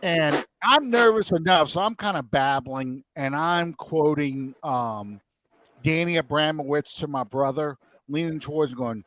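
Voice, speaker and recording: A man's voice: fairly high pitch, a little slow, no room sound. A middle-aged man, hosting a podcast and telling a story in casual chat, acting out the quotes he tells. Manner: animated, acts out quotes. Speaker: podcast host.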